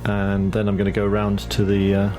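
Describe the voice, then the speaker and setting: A man with a low voice plays a tabletop horror game. He gropes for his words, restarting often, and music plays behind him. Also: completely flat delivery, a little mellow. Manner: halting, with many fillers and restarts. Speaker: player. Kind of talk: playing a tabletop game, casual chat. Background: background music.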